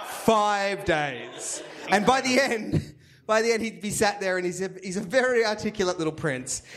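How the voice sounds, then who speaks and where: A man's voice: sits high, a little fast, a bit bright. A man co-hosting a live comedy podcast on a theatre stage, telling a rambling story full of "like" and laughing at his own tale. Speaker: podcast co-host.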